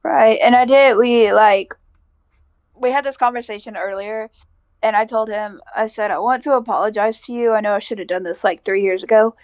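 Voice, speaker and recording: Blunt higher-voiced woman, dry sound. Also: fairly even intonation, moderate pace, a little mellow, no echo. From American Midwest. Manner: blunt, swearing, retells with quoted dialogue. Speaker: podcast co-host. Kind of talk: casual storytelling chat.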